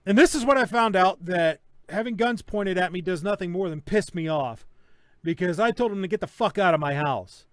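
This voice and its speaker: Host type: middle-aged man, high voice, blunt and profane, chatty live-stream energy, dry close sound. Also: moderate pace, no room sound. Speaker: podcast host. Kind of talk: casual live-stream chat.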